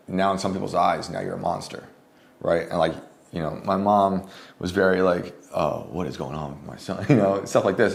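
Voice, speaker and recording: A man guest telling a story in casual conversation at a home lunch table, rambling with many fillers and often clearing his throat. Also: deep voice. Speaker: guest journalist.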